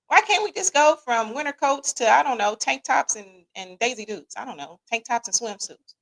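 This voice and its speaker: Midwestern woman host, kinda high voice, super animated and jokey, chatting with the chat. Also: a little fast, hardly any pauses. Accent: Midwestern American. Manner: lively, joking, talks to the chat. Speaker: podcast host reading live chat. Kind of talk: casual livestream chat.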